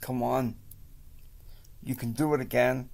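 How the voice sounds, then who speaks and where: Man reading a pushy buddy egging his friend on, slow and steady. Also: medium pitch, creaky. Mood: coaxing. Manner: coaxing, pushy. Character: pushy male friend, coaxing.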